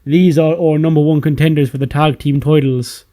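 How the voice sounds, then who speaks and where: A brawny male wrestler taunting his rivals with slow sarcasm, as a man acts him out. The recording is dry and close. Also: fairly high pitch, fairly even intonation, dark tone, no echo, close to an everyday voice. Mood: sarcastic.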